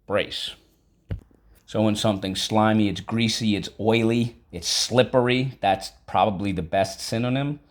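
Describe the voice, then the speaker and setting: Slow, deliberate man teaching vocabulary. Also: fairly low pitch, fairly even intonation. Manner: conversational, with frequent fillers like "all right". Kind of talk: vocabulary and spelling lesson.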